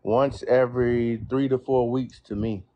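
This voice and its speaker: A man who is a guest gardener in a casual live-stream chat, speaking in a measured way with "uh" pauses. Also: mid-range voice, steady tone, lo-fi sound.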